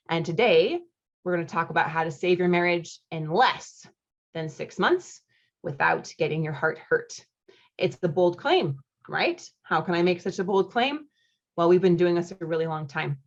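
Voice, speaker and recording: A woman's voice: lowish voice, expressive, highs cut off. Upbeat woman coach hosting a webinar. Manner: chatty and upbeat, with quick laughs and friendly asides. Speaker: marriage coach hosting a live online masterclass. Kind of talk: live webinar, reading chat comments aloud.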